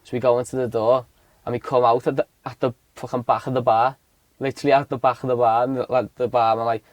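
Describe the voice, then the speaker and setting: A man's voice: mid-range voice, quick pace, dry recording. A man from the Liverpool area, co-hosting a podcast and telling a rowdy anecdote, swearing and acting out the voices of the people in it. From Southport, Liverpool area. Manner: animated storyteller, swears a lot, acts out others' voices. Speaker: podcast co-host. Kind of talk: casual chat, anecdote.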